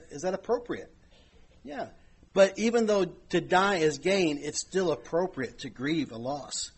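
A man's voice: fairly high pitch, husky. A man preaching a conversational sermon, full of "you know" asides, his volume swelling and dropping.

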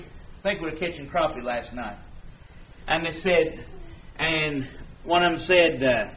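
A man's voice: fairly high pitch, measured pace, pauses often, fairly bright tone, slight background noise. A man preaching a sermon in a folksy, conversational way, acting out the dialogue he quotes.

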